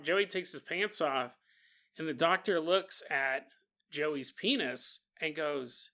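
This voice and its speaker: A man's voice: on the high side, takes it slowly, sharp tone. A man hosting a podcast, telling a story in a comedic monologue, joking crudely and laughing often. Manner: crude humor. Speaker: podcast host.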